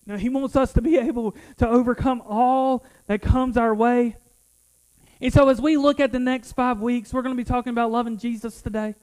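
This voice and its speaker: A man's voice: extremely high pitch, darkish tone, low-quality recording. A middle-aged man, a pastor, preaching a sermon in an earnest, personal way and often repeating words as he restarts a thought.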